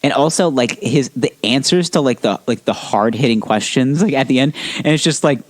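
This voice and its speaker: A man's voice: medium pitch, normal speed. A man co-hosting a podcast in casual chat, rambling, laughing and swearing as he goes. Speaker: podcast co-host.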